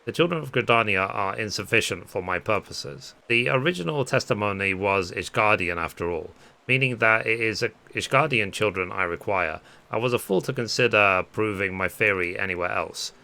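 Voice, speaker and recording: Man doing an earnest, fussy scholar, formal and flustered, low bright voice. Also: animated, normal speed, gravelly, heavily acted. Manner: formal, old-fashioned wording read aloud.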